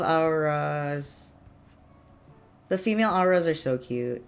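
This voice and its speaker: A woman livestreaming, chatting casually with viewers, laughing often and breaking into excited bursts. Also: low voice, measured pace, gravelly. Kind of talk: casual live-stream chat.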